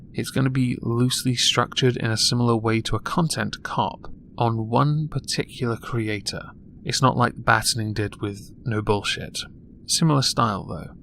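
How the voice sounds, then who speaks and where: A young man speaks in an English accent, his voice sitting at an ordinary middle pitch. He delivers vlog commentary in a dry, mocking, self-deprecating way. A faint hiss runs under the recording. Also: gravelly, fairly bright tone. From England. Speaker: YouTube commentator.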